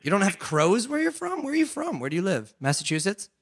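Hyped up radio guy running a phone quiz, bouncy pitch all over, super dry close mic. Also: fast talker, dry recording. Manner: excitable, cheering, playful teasing. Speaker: radio show host.

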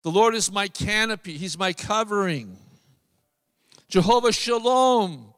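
A man preaching a sermon, emphatic, with drawn-out phrases and repeated lines. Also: sits high, lively intonation, fairly bright tone, long reverb tail. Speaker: pastor.

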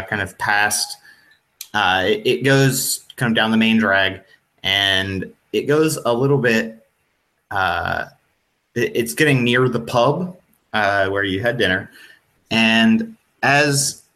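A man running a tabletop game as game master, narrating with many pauses, ums and restarts. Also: on the low side, pushed and bright. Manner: hesitant, full of ums and restarts.

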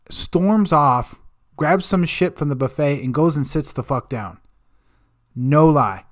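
A man hosting a comedic rant segment, swearing constantly in an exasperated tone. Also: on the high side. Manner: profane, exasperated ranting. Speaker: host.

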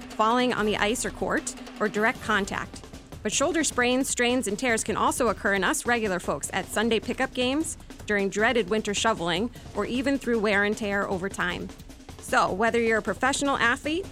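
A woman surgeon reads a scripted radio spot with a clear, friendly delivery. Her voice sits a bit high. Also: fairly bright tone. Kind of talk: scripted ad read.

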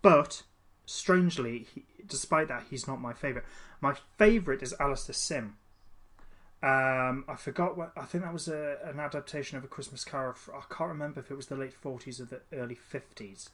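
A man's voice: medium pitch, fairly quick, a bit bright. A man chatting casually as a podcast co-host, rambling with many restarts and fillers. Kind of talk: casual chat.

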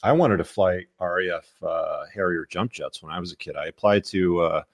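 A man's voice: sits low, moderate pace, dry recording, studio quality. A man born in England, a guest on a casual chat, blunt and plain-spoken with casual swearing.

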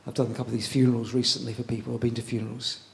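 A man preaching a sermon in a conversational way, pausing often and repeating words as he goes. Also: medium pitch, level tone, vocal fry.

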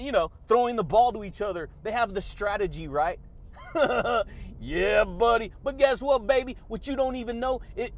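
A man hosting a motivational podcast monologue, hyped and chatty, who laughs often and keeps calling his listeners buddy and baby. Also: sits high. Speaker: podcast host.

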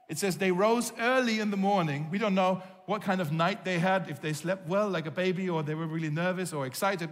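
High-voiced pastor preaching in a reverberant hall. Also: male voice. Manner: storytelling, animated, acts out quoted voices. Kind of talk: sermon. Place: church hall. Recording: long reverb of a large hall.

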